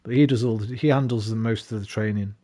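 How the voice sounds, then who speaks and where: A young man commenting on a football management game he is playing, swearing often and venting his frustration in loud bursts. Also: fairly low pitch, fairly even intonation, fast, no echo. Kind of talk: casual live commentary while playing.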